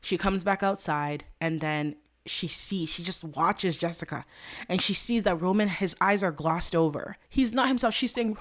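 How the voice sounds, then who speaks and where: A woman hosting a let's play, narrating the gameplay as an animated, dramatic story and talking straight to viewers. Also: fairly low pitch, moderate pace.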